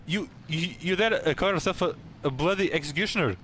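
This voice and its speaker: A man's voice: on the high side, a little fast, fairly bright tone, a little hiss or hum, natural voice. A man voicing a rowdy, hard-drinking male sailor, reading game dialogue aloud in character with hearty sailor slang and stumbles over the lines. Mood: boisterous.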